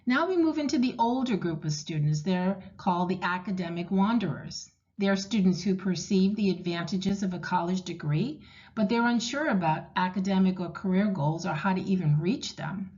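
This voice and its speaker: A woman with a New England accent, originally from Rhode Island, giving a scripted presentation as a university technology director and reading figures and lists in a clear, measured way. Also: fairly low pitch, darkish tone. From Rhode Island, USA. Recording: dull lo-fi recording.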